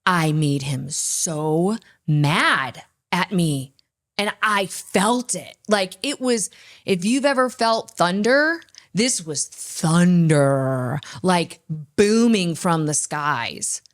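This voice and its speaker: Speaking extremely slowly, a woman with a lowish voice and lively intonation co-hosts a faith podcast. She tells personal stories with earnest emphasis in candid talk about faith.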